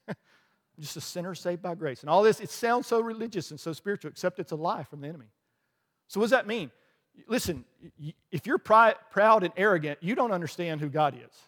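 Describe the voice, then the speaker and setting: A pastor preaching a lively sermon in a church, with rhetorical questions, asides and small laughs. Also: male voice, sits high, a little fast. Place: church sanctuary. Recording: long hall reverb.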